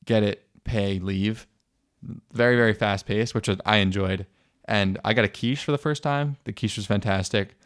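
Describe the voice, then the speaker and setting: A man's voice: lowish voice, brisk, a bit bright, no echo, clean studio sound. A young American man co-hosting a podcast, telling stories in an enthusiastic, casual way. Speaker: podcast co-host. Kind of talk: casual chat.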